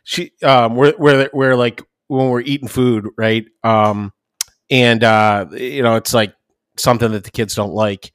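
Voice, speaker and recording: A man's voice: medium pitch, steady tone, measured pace, a bit bright, clear, resonant tone, no echo, studio quality. A man in his thirties co-hosting a podcast, telling a family story in casual chat and acting out his kids' voices. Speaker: podcast co-host.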